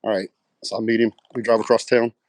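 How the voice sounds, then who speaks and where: Fast-talking Texan man, low voice. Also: level tone, no echo. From West Texas. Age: middle-aged. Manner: rambling anecdotes with many fillers, acts out quoted dialogue. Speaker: guest, pro bodybuilder. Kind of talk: casual storytelling interview.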